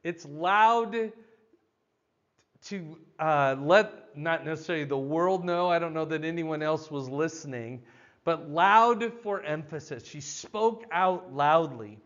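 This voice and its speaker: Slow, loud older male Bible teacher. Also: on the high side, lo-fi sound. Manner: loud, emphatic, explanatory.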